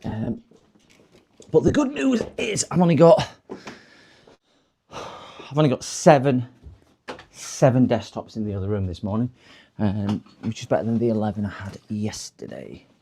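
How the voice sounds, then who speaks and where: A man's voice: lowish voice, big pitch swings, unhurried, long pauses, dark tone, a little hiss or hum. A man hosting a live repair stream, chatting casually and rambling with lots of fillers from his workshop.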